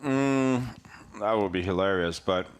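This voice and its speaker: A man's voice: deep voice, a little slow, a little hiss or hum. A man commentating chess in a studio, laid-back and dry, with many fillers. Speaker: guest commentator.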